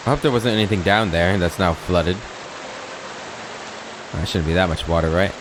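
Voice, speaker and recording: A man's voice: deep voice, normal speed, noisy background. A man hosting a let's play, reading game text aloud and chatting in a rambling, easygoing way.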